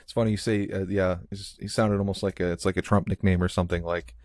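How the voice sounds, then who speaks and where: A man with a very deep voice hosts a casual movie podcast, thinking out loud in long, meandering sentences full of fillers and restarts. His voice sits close and dry, with no room sound around it. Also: level tone, quick pace, dry recording. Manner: rambling, heavy use of "like" and restarts. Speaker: podcast host.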